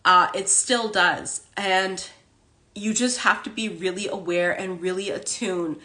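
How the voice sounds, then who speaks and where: Hosting a relaxed spiritual livestream from her phone, a woman chats away, leaning heavily on "like" and "okay?". Her mid-range voice is steady and sharp in tone, and she speaks a little slowly.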